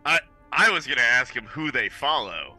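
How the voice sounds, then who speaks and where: A man playing a tabletop game, speaking in a halting, hesitant way. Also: mid-range voice, big pitch swings, sharp tone, faint music behind. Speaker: player. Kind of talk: tabletop role-play.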